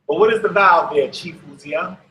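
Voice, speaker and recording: In an echoey room captured on poor audio, a male Hebrew teacher leads a slow online lesson, patiently repeating each word for his class. His high-pitched voice is pushed and bright, and he speaks fairly quickly.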